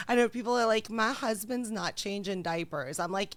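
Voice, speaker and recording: A woman's voice: mid-range voice, measured pace, pauses often. A young woman co-hosting a comedic chat show, talking animatedly, laughing often and acting out what people say. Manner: animated, laughing, acts out voices. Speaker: podcast co-host.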